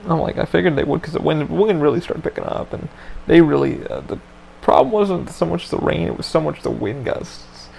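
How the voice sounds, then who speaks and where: A man's voice: a little high, animated, normal speed, gravelly, darkish tone, a little hiss or hum, low-quality recording. A man hosting a podcast, telling a story in a casual chat with lots of swearing and loose rambling. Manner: profane, laid-back, loose rambling. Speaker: podcast host.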